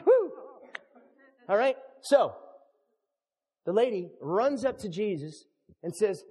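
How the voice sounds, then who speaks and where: High-voiced male preacher in a reverberant hall. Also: husky. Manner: animated, jokey preaching with acted-out dialogue. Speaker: pastor. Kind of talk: sermon. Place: church hall. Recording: long reverb of a large hall.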